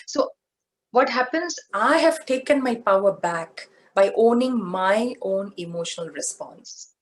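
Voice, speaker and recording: Woman, spiritual speaker, motivational talk, unhurried pace, asks listeners questions. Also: fairly high pitch, animated, poor audio. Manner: slow, deliberate, asks the audience questions.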